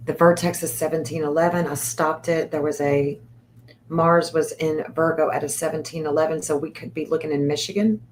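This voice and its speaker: Low-voiced woman musing through a chart. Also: fairly even intonation, brisk, a little hiss or hum. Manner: thinks aloud, hesitant and repetitive. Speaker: astrologer and livestream host. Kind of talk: casual livestream chart reading.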